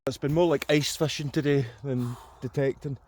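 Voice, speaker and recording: A man's voice: mid-range voice, steady tone, moderate pace, a little mellow, slight background noise. A Scottish man hosting a casual outdoor vlog, joking, teasing and laughing readily. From Scotland. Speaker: channel host. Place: outdoors in a field.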